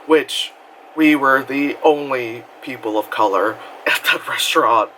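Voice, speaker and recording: Bright-voiced New York man vlogging. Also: mid-range voice, slight background noise, poor audio. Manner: animated, profane, laughs often. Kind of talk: casual storytelling vlog.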